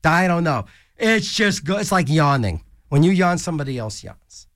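A man's voice: fairly high pitch, sing-song, moderate pace, fairly bright tone, no room sound. A man hosting a college radio show from a small studio, rambling through silly, joking asides between songs. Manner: goofy, rambling, jokey asides and silly voices. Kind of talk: casual DJ banter. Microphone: studio microphone.

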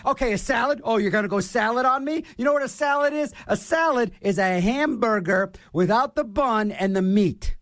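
A man's voice: high voice, no room sound, clean studio sound. A man from Pittsburgh hosting a show, delivering a playful, mock-argumentative comic rant.

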